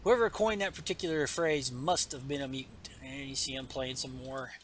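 A man's voice: medium pitch, fairly even intonation, normal speed, slight background noise. A man casually recapping a comic issue, reading the dialogue aloud with lots of fillers. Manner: rambling, reads dialogue in a plain voice with fillers. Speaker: comic book podcast host.

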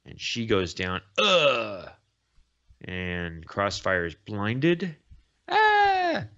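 A man's voice: low-pitched, big pitch swings, slow, a bit bright, clear, resonant tone. A man hosting a podcast, casually retelling a story and correcting himself as he goes. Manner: rambling, self-correcting retelling. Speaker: podcast host. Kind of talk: casual comic recap. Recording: dull lo-fi recording.

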